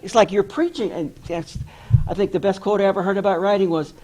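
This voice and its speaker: A middle-aged man with a somewhat high voice tells his own life story to an audience. He is candid and self-deprecating and acts out the people he quotes. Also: brisk, warm tone, poor audio. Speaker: author giving an address. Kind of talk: personal storytelling speech.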